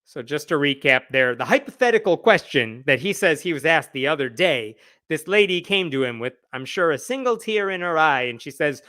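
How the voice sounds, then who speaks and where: A man's voice: a little high, expressive, moderate pace, sharp tone, no echo, studio quality. A man hosting a live news commentary stream, talking conversationally with a sarcastic edge. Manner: reads quotes aloud with shifting emphasis. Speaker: host.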